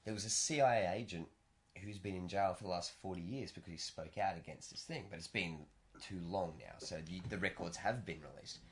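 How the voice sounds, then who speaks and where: A man with a low voice co-hosts a casual podcast. He tells stories with energy and jumps into louder, higher voices when he acts out both sides of an argument. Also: brisk. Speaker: podcast co-host. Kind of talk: casual chat. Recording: stereo podcast mic.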